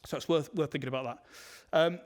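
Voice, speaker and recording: A man's voice: a little high, fast. Man presenting a webinar, chatty with restarts. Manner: conversational, many fillers and restarts. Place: online webinar.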